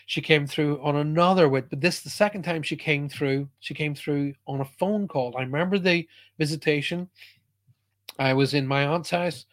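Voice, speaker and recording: This man, a psychic medium from Ireland, responds to a listener's question with a personal story, delivered in an earnest, emphatic manner full of restarted sentences. His voice sits on the high side at a moderate pace.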